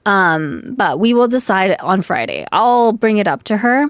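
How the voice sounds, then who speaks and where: Young woman streamer, slightly hoarse, animated venting, middle pitch, dry close sound. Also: unhurried, dry recording. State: hoarse from yelling. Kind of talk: casual live-stream chat.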